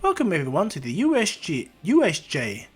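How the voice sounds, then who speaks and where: A man's voice: sits high, huge pitch swings, moderate pace, slightly rough, faint music behind, pitched above the performer's own voice, exaggerated voice. A man putting on a cheery female rescue hero. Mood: welcoming. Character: polite female rescue hero, gentle instructor.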